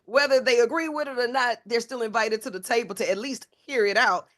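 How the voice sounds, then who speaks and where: A playful woman hosts a casual radio chat. Her voice sits a little high, and she laughs often and teases her guest. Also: fairly quick. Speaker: radio host.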